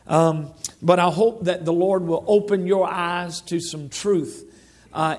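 A middle-aged man preaching a sermon in a church, folksy and rambling, with lots of restarts and asides to the congregation. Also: high-pitched. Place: church sanctuary.

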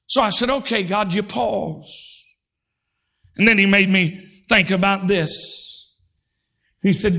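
A male pastor preaching a fervent sermon, swinging between shouted lines and hushed, drawn-out words. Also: sits high. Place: church sanctuary.

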